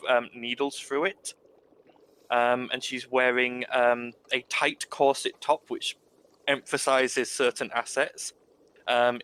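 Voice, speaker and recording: A man narrates as game master of a tabletop campaign. He describes each scene in a relaxed way, with a lot of hesitation, and his voice sits at an average pitch. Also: low-quality recording. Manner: relaxed, hesitant with many ums.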